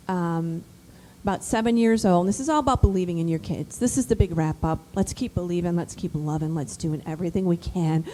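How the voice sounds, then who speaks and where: A woman giving an emphatic, animated motivational talk to mothers, built around personal stories. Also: mid-range voice, a little hiss or hum, rough recording. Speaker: speaker addressing mothers. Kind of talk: motivational storytelling speech.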